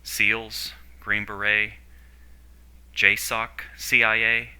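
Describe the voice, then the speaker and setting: A man's voice: fairly low pitch, completely flat delivery, extremely slow, pushed and bright, smooth, voice pushed up, exaggerated voice. A man voicing a defiant young man held captive who fires off questions. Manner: demanding, questioning.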